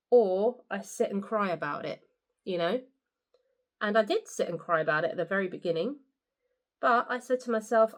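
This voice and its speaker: A young woman giving a candid, upbeat personal testimonial and often turning to the listener with asides. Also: mid-range voice. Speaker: patient sharing her experience. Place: indoors at home.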